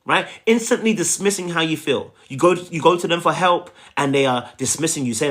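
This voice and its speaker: A man's voice: a little high, brisk, fairly bright tone. A man giving a relationship coaching talk, emphatic and repetitive, often checking in with "okay?" and "right?".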